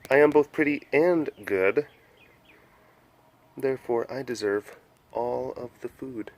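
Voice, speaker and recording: A man voicing a self-satisfied female big cat who speaks in a deadpan tone. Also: medium pitch, slow, a little hiss or hum. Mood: smug.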